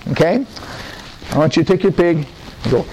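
A male pastor telling a Bible story to children during a sermon, slow and coaxing, often laughing. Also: a little high, lively intonation, mellow, slight background noise, poor audio.

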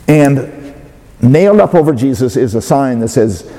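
A man giving a sermon as a pastor, speaking in a measured way with hesitant fillers and restarts. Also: fairly high pitch, sing-song, mellow. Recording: long hall reverb.

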